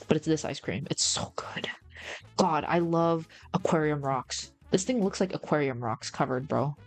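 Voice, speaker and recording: A woman with a low voice and a gravelly fry chats casually on a livestream. She rambles in slang, calls her viewers bro and answers their messages, with faint music playing behind her. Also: darkish tone. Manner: reads and answers chat. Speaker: streamer.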